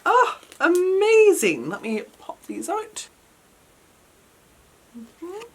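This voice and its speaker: Still a bit hoarse after a cold, this British woman gushes through her unboxing vlog, drawing out her words. Her pitch swings between soft low murmurs and squeals as she oohs excitedly over every small thing she pulls out.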